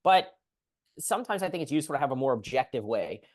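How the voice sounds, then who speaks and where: A man coaching a client on a call as a physical therapist, explaining in an animated way and acting out what clients say. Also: mid-range voice, fast talker. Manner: animated, acts out client voices.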